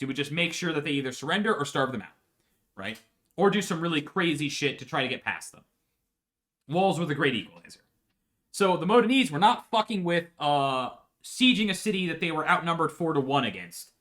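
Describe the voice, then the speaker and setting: A man's voice: fairly high pitch, fairly bright tone. A man telling a history story for laughs in a profane, rambling way, often checking in with "right?". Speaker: podcast host.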